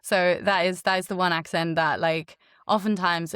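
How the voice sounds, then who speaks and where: Chatty, lively woman in a dry, close recording. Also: fairly low pitch, clear, resonant tone, no echo. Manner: chatty, quick, many fillers and restarts. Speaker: voice actor guest. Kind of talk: casual interview chat.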